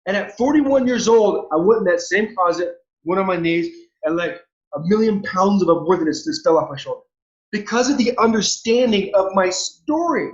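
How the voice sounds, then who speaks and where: A man's voice: high-pitched, lively intonation, moderate pace, echoey room. A man in his forties from Southern California, a former pro baseball player telling his life story as an interview guest in an earnest, repetitive way, often restarting his phrases. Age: 40s. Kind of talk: heartfelt personal storytelling. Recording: dull lo-fi audio.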